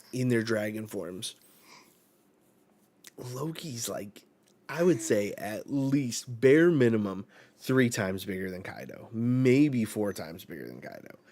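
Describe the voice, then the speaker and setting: A man hosting a live manga reaction, thinking out loud with lots of fillers and reading lines aloud. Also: mid-range voice. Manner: reads lines aloud in a slightly raised voice. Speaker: manga reaction channel host.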